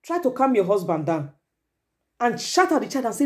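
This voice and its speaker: Nigerian woman vlogger, lecturing advice talk, forceful delivery, voice a touch high. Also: big pitch swings, normal speed. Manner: forceful, lecturing, slips into Pidgin. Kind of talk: advice monologue.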